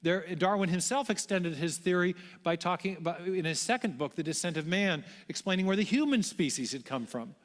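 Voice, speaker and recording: A man giving a public lecture to a large audience, telling history in a measured way with frequent restarts. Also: high-pitched, animated. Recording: long hall reverb.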